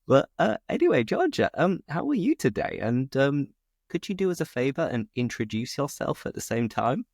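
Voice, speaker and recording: A man's voice: medium pitch, big pitch swings, normal speed, darkish tone, no room sound, clean studio sound. A British man hosting a casual chat, upbeat and talkative, explaining expressions as he goes. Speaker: host.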